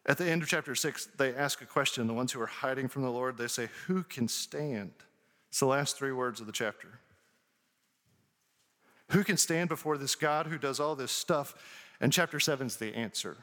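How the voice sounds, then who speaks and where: A man's voice: medium pitch, fairly quick, bright, forceful tone. A man preaching an earnest sermon as a pastor, reading scripture and explaining it to his congregation. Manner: earnest, preaching with rising emphasis. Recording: long hall reverb.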